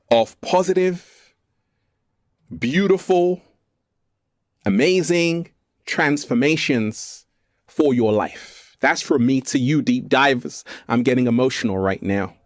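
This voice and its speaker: A man from England talking casually to camera from an art gallery, playful and animated, stretching out his words. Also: mid-range voice, no room sound, studio quality. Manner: animated, playful, slow drawn-out phrases, fond addresses to viewers. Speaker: vlogger and self-help speaker. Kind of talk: casual spiritual talk to camera.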